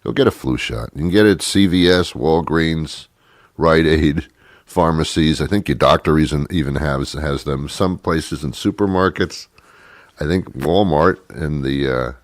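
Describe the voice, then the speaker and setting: A radio show host with a very deep voice rambles sarcastically through a comic talk show monologue packed with asides. The sound is clean studio quality with no room sound.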